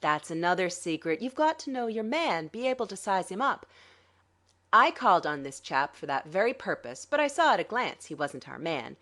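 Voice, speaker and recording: A cool, scheming male swindler, voiced by a woman narrator, dry and condescending. The delivery lilts up and down with animated sarcasm. Heard in a dramatic audiobook reading. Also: fairly low pitch, moderate pace. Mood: smug.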